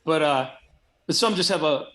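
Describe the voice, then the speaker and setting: A man's voice: fairly high pitch, a bit bright. A man argues football in a loose, emphatic chat. He piles up examples and restarts his sentences as he pushes his point. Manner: fast, emphatic, restarts often. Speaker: guest sports radio host. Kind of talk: casual sports debate.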